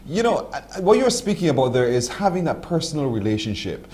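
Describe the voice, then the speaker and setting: A man's voice: medium pitch, very animated, fast talker, darkish tone. A man hosting a morning TV show who sums up his guest's points in a reflective, sermon-like way and asks questions. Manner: reflective, sermon-like summaries, frequent affirmations. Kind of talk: TV interview. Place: TV studio.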